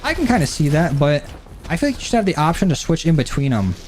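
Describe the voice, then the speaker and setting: With a slightly high, very animated voice that moves fast and sounds a little mellow, this man streams a shooter from his home desk mic, which passes through a mixer and picks up a bit of hiss or hum. His commentary rambles casually and he swears without restraint as faint game gunfire sounds behind him.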